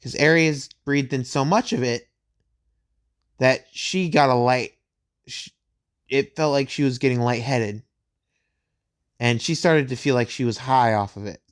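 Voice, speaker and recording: Slow, rambling male storyteller. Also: medium pitch. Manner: rambling, halting, with many fillers and restarts. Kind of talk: casual retelling of a fan story.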